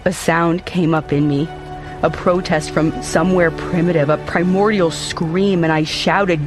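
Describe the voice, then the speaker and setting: A man's voice: fairly high pitch, fairly even intonation, unhurried. A man giving an intense, brooding first-person narration for an audio drama, over faint background music. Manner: intense, brooding, haunted storytelling.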